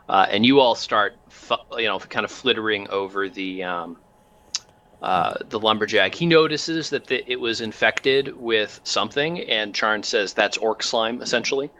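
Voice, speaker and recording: A man's voice: fairly low pitch, pushed and bright. A man narrating a tabletop role-playing game as game master, rambling with many fillers.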